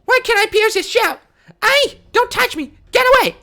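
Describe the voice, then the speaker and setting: A man reading a game aloud, voicing a fierce, vengeful young woman fighter who shouts and hurls insults. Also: very high-pitched, lively intonation, normal speed, voice pushed up, exaggerated voice. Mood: panicked.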